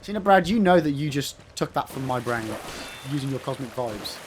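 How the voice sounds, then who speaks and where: An English gaming streamer gives live gameplay commentary in an animated, mid-range voice at a moderate pace, with slight background noise. He banters with and teases his chat, breaking into sudden sweary outbursts at the game.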